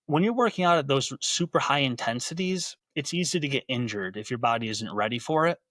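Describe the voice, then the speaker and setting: Man, fitness podcast host, casual explaining, middle pitch, dry close recording. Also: expressive, a little fast, a bit bright, no room sound. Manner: conversational, repeats words while restarting sentences. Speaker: podcast host and gym coach.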